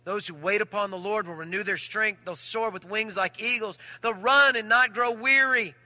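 Man, pastor, sermon storytelling, very high voice, dry close sound. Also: moderate pace, no echo. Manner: animated storytelling, shifts between loud and hushed.

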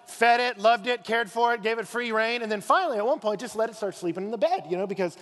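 A male pastor preaching a sermon, telling stories with acted-out voices and dropping low and quiet for emphasis. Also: fast talker, in a large hall. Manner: animated storytelling, acting out voices, dropping low and soft for emphasis.

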